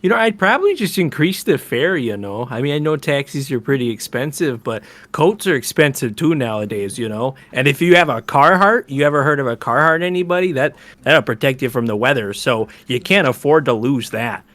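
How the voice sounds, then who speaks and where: A man's voice: medium pitch, a little fast, hardly any pauses, no echo, lightly acted. A man playing a laid-back musing contestant. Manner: relaxed, musing, lots of 'you know'. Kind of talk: comedic improvised dating game.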